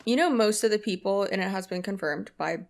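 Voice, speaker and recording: A woman's voice: medium pitch, fairly quick. A young woman, a commentary channel host, talking in a chatty, emotional way full of "like" fillers. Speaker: commentary YouTuber. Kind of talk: casual commentary.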